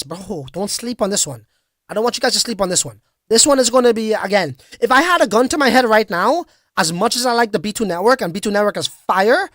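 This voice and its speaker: A man with a high-pitched, expressive, slightly bright voice runs a casual crypto livestream, talking a little fast. He reads viewer comments with hyped-up slang, lots of fillers, and restarts. The sound is dry and close with no room around it.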